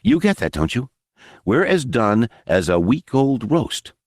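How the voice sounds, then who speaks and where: A man's voice: mid-range voice, very animated, a little slow, darkish tone, no echo, clean studio sound, pitched above the performer's own voice. A male narrator voicing a nervous, sarcastic young soldier who cracks jokes under pressure. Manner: sarcastic, jittery quips.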